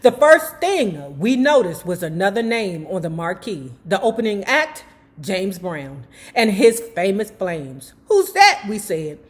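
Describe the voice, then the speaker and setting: A woman's voice: medium pitch, measured pace. A woman reading a memoir aloud in first person, stopping now and then for chatty asides to her viewers. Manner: animated, breaks off to talk to viewers.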